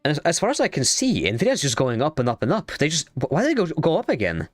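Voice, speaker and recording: Animated young man chatting on stream. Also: a little high, fast talker, no echo. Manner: rambling, excitable, swears freely. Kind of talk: casual gaming stream chat.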